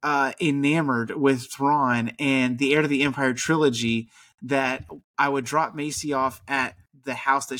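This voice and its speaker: A man in his thirties hosting a fan podcast, chatting excitedly and casually. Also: medium pitch. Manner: excitable, says freaking a lot. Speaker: podcast host.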